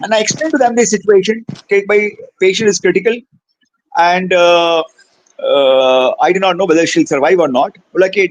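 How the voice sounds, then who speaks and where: A man's voice: sits high, brisk, dry recording, rough recording. An older man with an Indian English accent telling his own story in an interview, acting out the dialogue and switching between English and Hindi. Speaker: senior cardiologist, interview guest. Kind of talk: animated personal storytelling.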